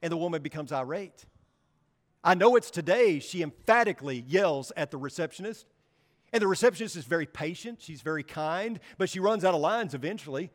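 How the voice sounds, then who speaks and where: A man preaching a sermon in a church, earnest, slowing down for emphasis and dropping quiet on key words. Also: fairly high pitch, lively intonation. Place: church sanctuary. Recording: long hall reverb.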